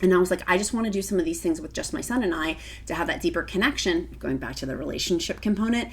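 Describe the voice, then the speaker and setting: A woman's voice: fairly low pitch, lively intonation, quick pace, slightly rough. A middle-aged woman vlogging to camera in a casual, emotional, gushing way, often close to tears. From Virginia, United States.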